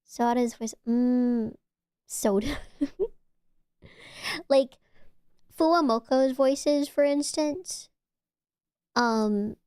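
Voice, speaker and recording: A woman's voice: fairly high pitch, a little mellow, smooth, dry recording, clean studio sound. A woman streamer chatting casually with her viewers, gushing and often stumbling over her words. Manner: chatty, stammering restarts, gushing. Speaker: VTuber streamer. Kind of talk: casual chat with live chat.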